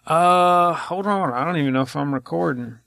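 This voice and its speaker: A man hosting a podcast in casual chat, telling rambling, drawn-out stories. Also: fairly high pitch, gravelly, a bit bright, no room sound. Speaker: podcast host.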